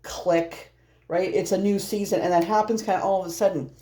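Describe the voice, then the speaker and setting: A woman talks through a tarot reading in a loose, rambling way, laughing as she goes. Her voice is mellow and warm, at a middle pitch. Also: fairly even intonation, a little fast. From Norwegian heritage. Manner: chatty and rambling, laughing often. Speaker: tarot reader. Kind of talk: casual spoken tarot reading.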